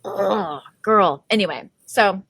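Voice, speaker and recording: A woman's voice: medium pitch, slow, a bit bright, husky, dry recording. A woman hosting a podcast, retelling a story in casual chat, giggly and full of "like" fillers. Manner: giggly, chatty, lots of "like" fillers. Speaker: podcast host.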